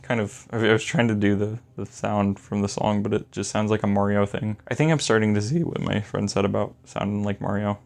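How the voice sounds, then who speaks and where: A man's voice: fairly low pitch, steady tone, a little fast, creaky, hardly any pauses. A young man rambling enthusiastically through a casual album review, full of filler words. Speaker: music reviewer.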